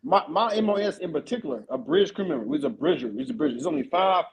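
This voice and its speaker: A man hosting a casual veterans' podcast, telling army stories in a profane, animated way with lots of repeated fillers. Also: a little high, fast, poor audio. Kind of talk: casual chat.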